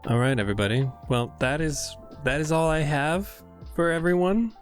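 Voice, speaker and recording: A man's voice: fairly high pitch, normal speed, soft background music. A man hosting a tabletop podcast, reading out listener questions and thanking the cast in a friendly way. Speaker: podcast host.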